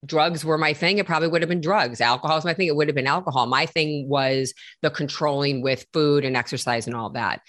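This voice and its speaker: A woman's voice: low-pitched, a little fast, few pauses, a bit bright. A middle-aged woman speaking candidly as a guest, blunt and emphatic, swearing casually. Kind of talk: candid conversation.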